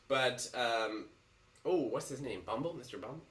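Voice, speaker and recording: A man's voice: medium pitch, moderate pace, roomy sound, recorded from a distance. A man teaching musical theatre songwriting, breaking into sung lines as he analyzes a song. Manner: animated, breaks into singing lines.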